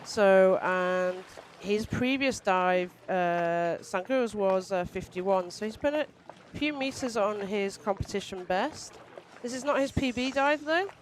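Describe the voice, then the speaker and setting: A woman's voice: medium pitch, slow pace, a little hiss or hum. A woman giving live sports commentary, explaining the athletes' records in an informative way.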